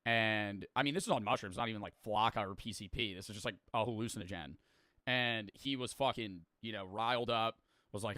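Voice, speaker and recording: Bright-voiced man rambling in casual commentary. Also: on the low side, no room sound, clean studio sound. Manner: rambling, profane, self-deprecating, quick to laugh. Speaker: reaction video host.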